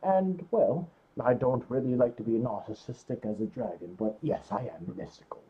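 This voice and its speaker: A man's voice: medium pitch, moderate pace, a little hiss or hum, lightly acted. A man playing a wry celestial dragon over a tinny line. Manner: theatrical, wry storyteller. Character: ancient male celestial dragon, grandly dry-witted. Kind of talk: live stream banter in character. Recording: tinny phone-like call line.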